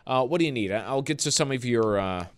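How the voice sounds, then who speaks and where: A male sports radio host with a lively, swinging delivery, ranting about online overreactions with exasperated laughs. He talks fast and loose, in an easy conversational way. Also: medium pitch, smooth. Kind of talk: call-in sports talk.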